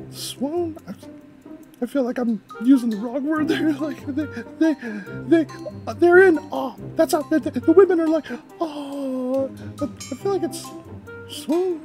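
A woman's voice: high-pitched, slow pace, a little mellow, soft background music. A woman hosting a reaction video, rambling casually with frequent laughter and restarts. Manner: giggly, rambling, stumbles over words.

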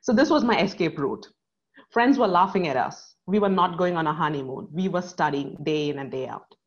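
A woman's voice: on the low side, expressive, lo-fi sound. A woman, telling a personal story on stage in an earnest, paced way. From South India. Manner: earnest, dramatic pauses.

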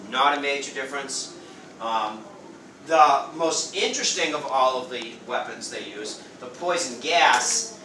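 A man teaching a high school history class, lively and playful, acting out quick voices for the people in his story. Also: a little hiss or hum. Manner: lively, acts out quick voices of nations and leaders. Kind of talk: classroom lecture. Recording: roomy classroom sound from far off.

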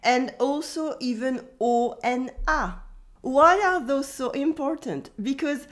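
A woman's voice: sits high, animated, takes it slowly. Parisian-accented French woman teaching. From France. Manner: friendly, explains with spoken examples. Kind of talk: language lesson to camera.

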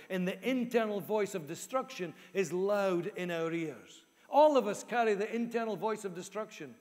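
A man's voice: high voice, lively intonation, normal speed, hardly any pauses, long reverb tail. A male pastor preaching a sermon in an earnest way, repeating key phrases for emphasis. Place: church hall.

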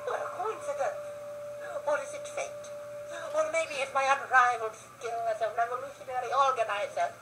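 A player voicing a shrill scheming advisor. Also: moderate pace, background noise, natural voice. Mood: gloating. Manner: squeaky, rising to gleeful shrieks. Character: shrill scheming male court advisor, excitable. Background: game music.

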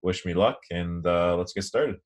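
A man's voice: low voice, moderate pace, highs cut off. A young man giving an anatomy lecture online, explaining casually with many ums. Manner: relaxed, filler-heavy explaining.

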